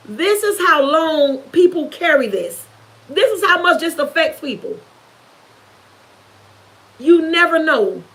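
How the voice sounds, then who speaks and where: A woman's voice: sits high, sing-song, takes it slowly, long pauses, fairly bright tone, poor audio. A young woman vlogger giving an emotional personal testimony to the camera, earnest and intense, repeating herself for emphasis. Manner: earnest, repetitive, intense storytelling.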